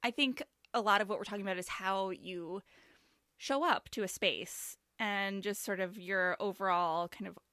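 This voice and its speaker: Bright reflective woman podcast host. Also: medium pitch, smooth, no room sound, clean studio sound. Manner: reflective, thinks aloud with pauses. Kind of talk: casual conversational interview.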